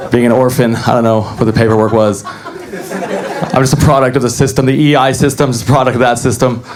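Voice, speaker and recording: A young man doing a deadpan, self-deprecating stand-up comedy set on a club stage. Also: medium pitch, a little fast, crowd noise.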